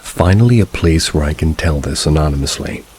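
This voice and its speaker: A man narrating scary reader-submitted stories in an even, measured reading. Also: rumbling low, slightly rough, poor audio. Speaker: horror story narrator.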